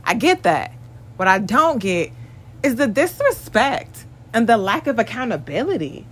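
A woman's voice: on the high side, very animated, unhurried, slight background noise. A woman in her twenties venting bluntly and profanely in an exasperated rant about a partner. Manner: mocks others in acted quotes.

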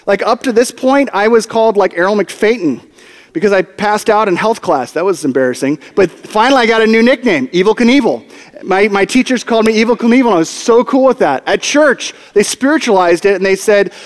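A man with a bright, high voice preaches to his church, spinning a story with comic timing and acted-out lines. His words carry a long, reverberant hall sound. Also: animated, fairly quick. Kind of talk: storytelling sermon.

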